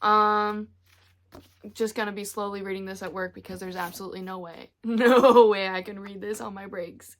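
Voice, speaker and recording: A woman's voice: medium pitch, fairly even intonation, moderate pace, dry recording. A young woman chatting casually about books for her reading vlog, rambling and emotional, recorded in her car. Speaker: book vlogger.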